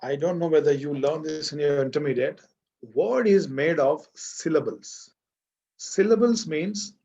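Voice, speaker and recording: Indian English male teacher, slow deliberate classroom lecture, quizzing students, muffled lo-fi sound. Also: a little high, a little mellow.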